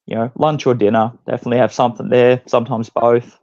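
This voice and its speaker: A man with an Australian accent, a chilli competitor giving relaxed, short answers in a casual interview. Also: mid-range voice, quick pace, muffled recording. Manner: laid-back, brief answers. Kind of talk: casual chat.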